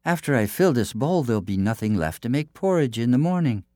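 A man's voice: mid-range voice, very animated, fairly quick, a little mellow, dry recording, studio quality, lightly acted. A man voicing a bold young village woman, speaking in a spirited, defiant way. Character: bold, stubborn young Scottish village lass.

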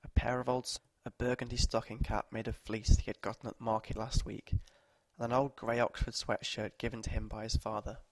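A man's voice: fairly low pitch, flat delivery, fairly quick, few pauses, no room sound. Man reading stories in a dry room. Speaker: narrator. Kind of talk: reading short stories aloud.

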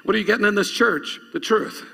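High gravelly preacher in a reverberant hall. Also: male voice, brisk, pushed and bright. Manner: preaching, urging congregation to repeat after him. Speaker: pastor. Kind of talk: sermon. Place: church. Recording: long reverb of a church hall.

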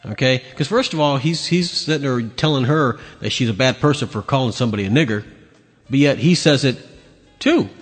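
A man's voice: mid-range voice, expressive, a little fast, slightly rough. A man hosting a podcast, ranting angrily and crudely as he comments on video clips. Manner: angry, profane, mocking. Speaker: podcast host. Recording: long hall reverb.

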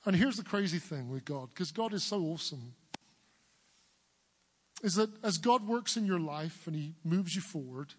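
A man in his forties from England with a big booming voice, preaching an earnest sermon as pastor. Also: lively intonation, moderate pace, long pauses, breathy edge, in a large hall. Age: 40s. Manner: earnest, building to emphatic declarations.

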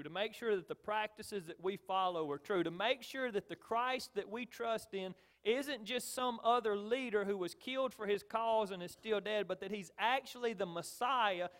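A middle-aged man preaching a sermon as pastor, driving his points home with repeated phrases, swinging between loud stresses and quiet asides. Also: high-pitched.

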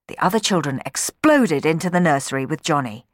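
A woman narrating a children's story from a book in an expressive, dramatic reading. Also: low voice, a little fast, hardly any pauses, no echo, clean studio sound.

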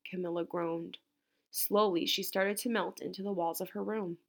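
A woman teacher reads a picture book aloud to her class in an expressive storytelling voice. Her voice sits in a middle range with a gravelly, creaky texture. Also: on the low side, moderate pace.

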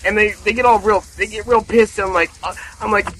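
Young guy, high bright voice, animated storytelling and cussing, late night podcast over the internet. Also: quick pace, slight background noise, low-quality recording. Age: 20s. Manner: animated, swearing, acts out quotes. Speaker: podcast co-host. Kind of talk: casual chat, storytelling. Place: at home, remote call.

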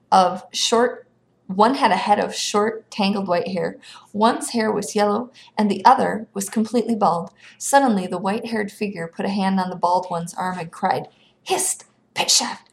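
A woman reading a children's novel aloud in a steady storytelling manner. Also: mid-range voice. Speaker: reader.

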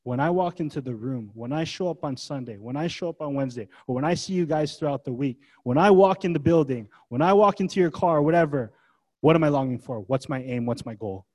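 A man's voice: on the high side, expressive, a little fast, a little mellow. A man preaching a sermon as pastor, in a casual, conversational way full of rhetorical questions. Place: church gathering.

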